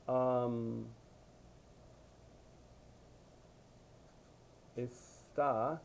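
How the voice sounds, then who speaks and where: A man's voice: medium pitch, mellow, a little hiss or hum. Patient man teaching a video lesson. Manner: patient, repeats "okay?" to check understanding. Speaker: Spanish teacher.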